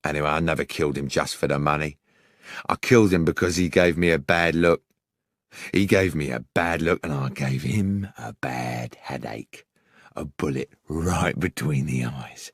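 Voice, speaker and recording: An actor playing a gruff, brutal male killer who boasts and threatens in a rough voice. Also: rumbling low, normal speed, no room sound, studio quality, voice pushed down. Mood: menacing. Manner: menacing, boastful.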